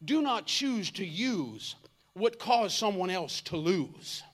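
A man in his fifties preaching an energetic, comedic sermon, joking and acting out voices. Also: high-pitched, slow. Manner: animated, jokey, acts out voices, shouts at times.

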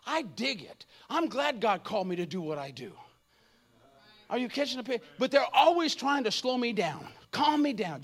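A man in his fifties preaching an energetic, comedic sermon, joking and acting out voices. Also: very high voice, normal speed, husky. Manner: animated, jokey, acts out voices, shouts at times.

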